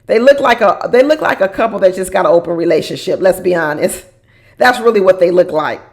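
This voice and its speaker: Woman, middle pitch, slightly gravelly; casual, gossipy TV recap host who laughs a lot. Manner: chatty, laughs often, mimics people she quotes.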